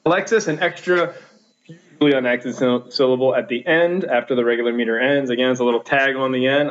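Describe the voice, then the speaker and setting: A man teaching a recorded lesson over slides, counting out stresses slowly, with frequent fillers and restarts. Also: medium pitch, fairly even intonation, dull audio.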